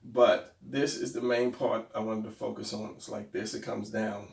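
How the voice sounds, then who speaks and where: A man's voice: lowish voice, little pitch movement, normal speed, vocal fry. A man teaching anatomy drawing in a casual, rambling way, thinking aloud as he sketches. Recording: roomy, mic far from speaker.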